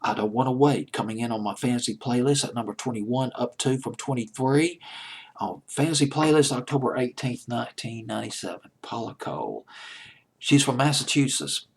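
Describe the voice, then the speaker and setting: A man's voice: mid-range voice, normal speed, slightly rough. A man hosting a home-made countdown show, talking casually and enthusiastically with asides and restarts. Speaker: countdown host. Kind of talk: casual radio-style countdown talk.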